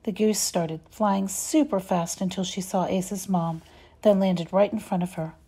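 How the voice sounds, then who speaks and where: A woman's voice: medium pitch, steady tone, measured pace, mellow, breathy edge. Woman reading a children's story. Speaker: reader.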